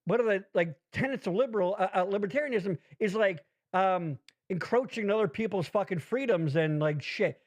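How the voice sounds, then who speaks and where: Man, high voice, podcast host, profane, rambling, animated. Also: brisk, few pauses. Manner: rambling, swears constantly, animated swings in pitch. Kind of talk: casual profane chat.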